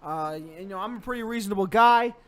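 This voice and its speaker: Young male co-host, very high voice, furious profane rants, comic delivery. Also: fast talker, a bit bright, clean tone. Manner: angry ranting, heavy swearing. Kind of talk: profane comedic rant.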